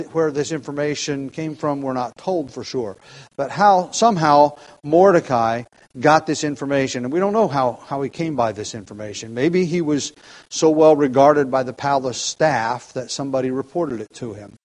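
A man in a mid-range voice leads an evening Bible study. He teaches in a measured, reflective way, often restarting sentences and pausing on fillers. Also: mid-range voice. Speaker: pastor leading a Bible study.

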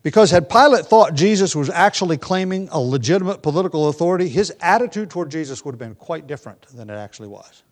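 Relaxed, conversational male Bible teacher. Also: on the high side, fast talker. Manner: relaxed and conversational, with frequent ums and restarts. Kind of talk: Bible study lecture.

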